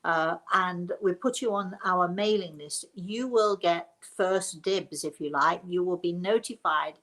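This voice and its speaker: A woman's voice: lowish voice, unhurried, a bit bright. A middle-aged woman from England hosting a live question and answer stream as a psychic medium, talking in a chatty, rambling way with many restarts. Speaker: psychic medium and show host.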